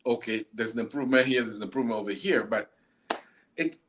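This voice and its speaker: A man's voice: medium pitch, fast, a bit bright. Blunt ranting man. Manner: blunt, ranting, repeats words. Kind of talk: heated casual football chat.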